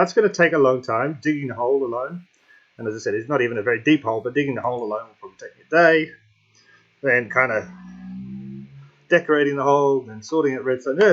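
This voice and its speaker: A man at an ordinary middle pitch gives casual gameplay commentary and thinks aloud. He rambles with plenty of ums and restarts and keeps hiccuping. The recording sounds a little dull and lo-fi. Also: fairly bright tone.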